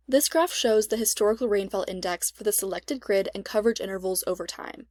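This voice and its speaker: A woman reading a scripted step-by-step software tutorial as an extension instructor, in an even, measured way. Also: mid-range voice, no room sound, studio quality.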